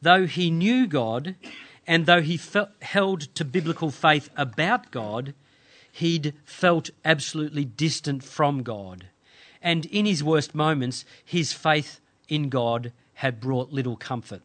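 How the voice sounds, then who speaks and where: A man delivering a sermon in a slightly higher-pitched voice. He speaks in measured, earnest phrases, pausing often to let scripture sink in. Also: fairly bright tone. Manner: measured, earnest preaching with dramatic pauses. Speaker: pastor.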